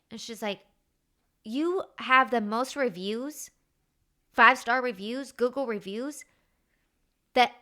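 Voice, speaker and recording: Bright-voiced chatty woman host. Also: fairly high pitch. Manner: animated, chatty, acts out quoted dialogue. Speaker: podcast host. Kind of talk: casual storytelling monologue.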